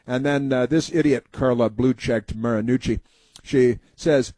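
Sarcastic talk radio host, dry sound. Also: male voice, mid-range voice, fairly even intonation, a little slow, a little mellow, dry recording. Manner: sarcastic, mocking, heavy on filler sounds.

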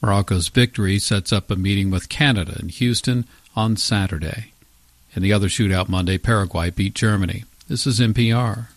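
Male newsreader, low voice, formal bulletin, dry studio sound. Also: fairly quick, dry recording. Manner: steady formal delivery. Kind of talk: radio news bulletin. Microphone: studio mic.

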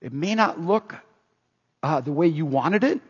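A man preaching a sermon as pastor, animated, quoting scripture aloud. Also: fairly high pitch, unhurried, slightly rough. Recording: roomy hall, dull lo-fi sound.

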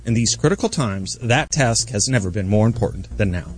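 A man reading a scripted radio commentary in a measured, lecturing manner. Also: fairly low pitch, lively intonation, faint music behind. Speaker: political commentator.

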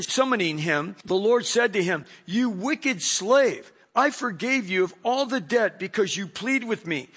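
A middle-aged man preaching a sermon, reading a Bible passage and commenting on it as he goes. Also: sits high. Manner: animated storyteller, acts out voices.

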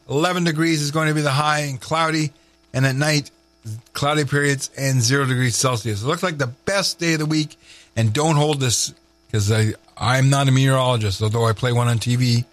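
A man's voice: medium pitch, a bit bright. A man hosting a chatty morning radio show from a studio, upbeat and folksy, rambling and correcting himself as he goes. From Canada.

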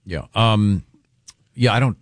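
Deep-voiced man hosting radio banter. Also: slow pace, no room sound, studio quality. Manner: laughing, self-mocking storyteller. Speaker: radio show host. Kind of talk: casual studio banter.

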